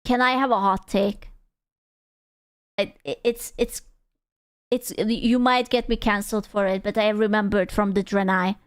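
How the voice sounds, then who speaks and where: A woman's voice: medium pitch, level tone, a little slow, long pauses, clean tone, no room sound, clean studio sound. A woman streamer reacting to a video in casual, rambling chat, swearing freely and joking as she goes.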